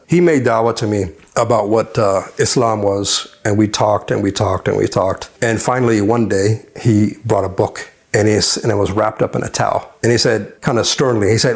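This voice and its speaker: Low-voiced man telling a prison story. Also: fairly even intonation, normal speed, few pauses. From United States. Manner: storytelling with fillers, acting out quoted people. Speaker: convert giving a personal testimony. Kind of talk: spoken personal testimony.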